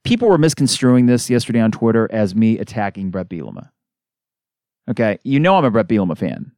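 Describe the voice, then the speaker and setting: A man's voice: fairly low pitch, sing-song, brisk, a little mellow, no echo, studio quality. Exasperated ranting male podcast host. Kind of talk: solo sports podcast rant.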